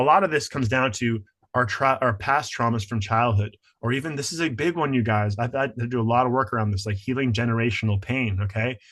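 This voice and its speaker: A man of average pitch leads a self-healing webinar, talking straight to his viewers. He speaks with lively energy, slows down for key points and jumps into a high voice to act out people's inner thoughts. He is heard through a computer mic on a video call. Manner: energetic, acts out inner voices with rising pitch, addresses "you guys". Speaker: healing coach presenting a webinar. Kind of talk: webinar presentation.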